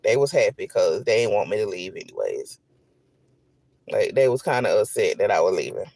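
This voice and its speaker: A man content creator telling an animated, repetitive storytime straight to his viewers. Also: on the low side, a little fast, no echo. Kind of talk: storytime vlog.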